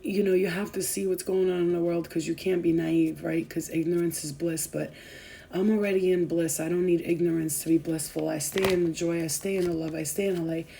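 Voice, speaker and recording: Young woman vlogger, heartfelt and rambling, tearful edge, gravelly mellow voice, faint noise behind. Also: lowish voice, fairly even intonation, brisk, poor audio. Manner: rambling, heartfelt, many fillers and restarts. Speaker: spiritual vlogger. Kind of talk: emotional casual talk to viewers.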